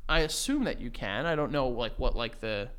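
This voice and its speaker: A man's voice: mid-range voice, lively intonation, fairly quick, crowd noise. A man co-hosting a podcast in casual chat, rambling and hesitant, filling his sentences with "like". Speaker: podcast co-host.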